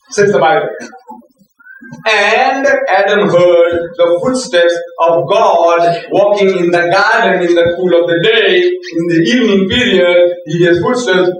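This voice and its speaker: An older man from South Africa giving an animated, rhetorical public lecture on religion, raising his voice at the high points. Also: a little hiss or hum. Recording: echoey hall, voice from far off.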